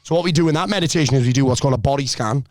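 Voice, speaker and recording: A middle-aged man, a life coach on a podcast, talking in a blunt, energetic way and swearing freely. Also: medium pitch, rapid-fire, dry recording, clean studio sound. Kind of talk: casual podcast conversation.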